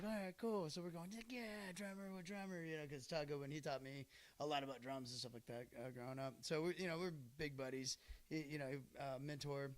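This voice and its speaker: A man hosting a podcast who tells a story in casual chat, rambling with lots of fillers and laughter. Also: on the high side. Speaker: podcast host.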